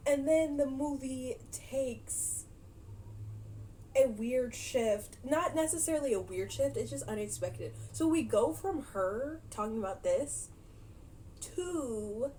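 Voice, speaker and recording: Young woman vlogger, chatty, giggly, fairly high voice, faint hiss behind. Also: slow pace. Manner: chatty, giggly, animated retelling. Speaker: vlogger recapping a movie. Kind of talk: casual chat.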